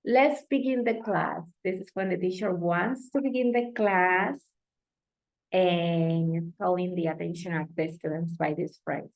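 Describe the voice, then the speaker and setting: A woman with a Spanish accent, a native Spanish speaker, teaching classroom English phrases slowly and patiently, acting out example lines. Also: lowish voice, creaky. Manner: slow, patient explaining with lively acted example phrases. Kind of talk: vocabulary lesson over slides. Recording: dull lo-fi audio.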